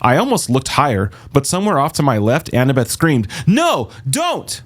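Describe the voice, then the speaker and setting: A man reads an audiobook told in the first person, his medium-pitched voice steady and measured.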